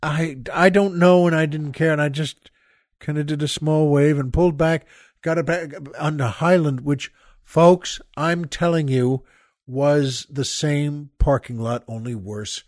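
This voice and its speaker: An older man hosting a podcast, telling a rambling story with many halting restarts and asides to the listeners. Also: on the high side, fairly even intonation, no echo, studio quality. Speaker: podcast host. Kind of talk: casual storytelling monologue.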